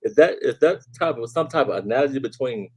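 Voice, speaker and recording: A man hosting a casual live-stream talk show, speaking. His voice is mellow and dark at an ordinary pitch. He talks in an easy, laid-back way, sprinkling "man" and "y'all" throughout. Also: expressive, fast talker, slightly rough. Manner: laid-back, repeats "man" and "y'all", reads chat aloud.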